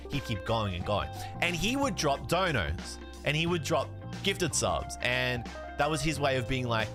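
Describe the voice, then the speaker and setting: A man's voice: mid-range voice, a little slow, music in the background. A man, a card streamer, telling a story in a casual way, acting out the dialogue and swearing now and then. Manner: animated, swears, laughs, acts out dialogue.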